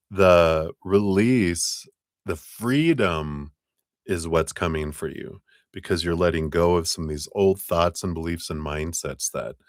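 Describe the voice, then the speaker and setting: Deep-voiced man giving live tarot readings. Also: dry recording, clean studio sound. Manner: gentle, rambling, encouraging, with soft laughs. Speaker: tarot reader.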